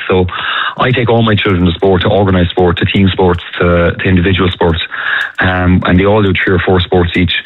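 A man's voice: low-pitched, dry recording. Man calling in on a phone line. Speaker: caller. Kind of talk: casual radio phone-in chat. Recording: tinny phone line, dry.

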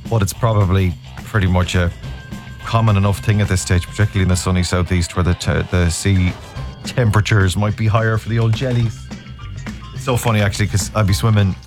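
A man's voice: on the low side, fairly even intonation, brisk, over music. An Irish man hosting a radio show, chatting casually and joking at his own expense. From Ireland. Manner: chatty, jokey, self-deprecating. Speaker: radio host.

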